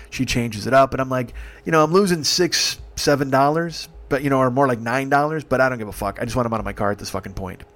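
A man's voice: medium pitch, fast talker, fairly bright tone. A man telling a comic story in an exasperated, heavily profane way. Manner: exasperated, heavy swearing. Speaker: comedic storyteller.

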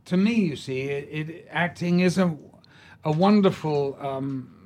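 Older man telling stories, halting. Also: a little high, a little mellow. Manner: rambling, halting, with many restarts and fillers. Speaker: actor, guest. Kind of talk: anecdotal storytelling in an interview.

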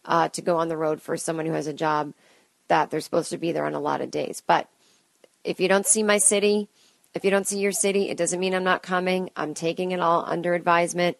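Late-30s woman rambling on her solo podcast, kinda low voice, super dry close mic. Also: little pitch movement, a little fast, vocal fry, dry recording. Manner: rambling, self-deprecating, chatty asides. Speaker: podcast host and comedian. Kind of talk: solo stream-of-consciousness podcast. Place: home, alone. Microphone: close studio mic.

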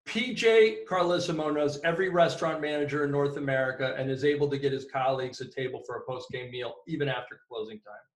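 A man's voice: mid-range voice, fast talker, few pauses. A man hosting a casual interview, asking questions and often putting in short affirmations. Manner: affable, frequent short affirmations. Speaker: podcast host. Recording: echoey room.

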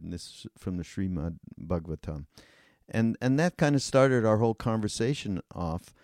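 An older man hosting a podcast, talking hesitantly with many filler pauses. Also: fairly low pitch, animated, darkish tone, no room sound, clean studio sound. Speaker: podcast host. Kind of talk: conversational interview.

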